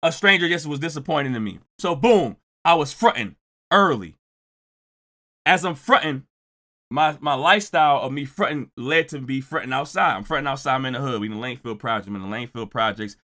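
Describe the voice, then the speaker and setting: A young man streaming, telling a story to his chat in casual, slangy talk with animated, loud bursts. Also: mid-range voice, a little fast.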